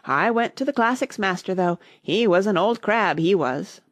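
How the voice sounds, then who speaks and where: A woman voicing a gruff, impatient male gryphon in a storybook reading, curt and scolding. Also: medium pitch, lively intonation, normal speed, no room sound, clean studio sound, lightly acted.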